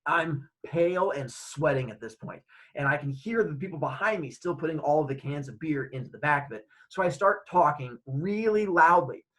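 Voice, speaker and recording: A man's voice: a little high, normal speed, rough recording. A man hosting his own show, telling an anecdote casually and acting out the dialogue. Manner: animated, acts out dialogue. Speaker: host. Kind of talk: casual storytelling.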